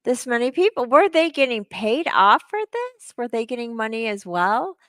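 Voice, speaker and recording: A woman co-host with a fairly high voice runs a casual interview. Her questions ramble in a chatty way. The sound is dry and close, with no room echo. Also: very animated, moderate pace, fairly bright tone. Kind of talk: casual live-stream interview.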